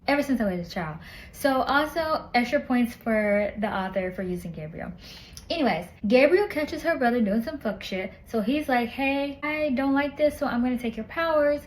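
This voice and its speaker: A woman reviewing a book in casual, animated chat, retelling the plot with slang and lots of asides. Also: on the high side, a little hiss or hum, low-quality recording.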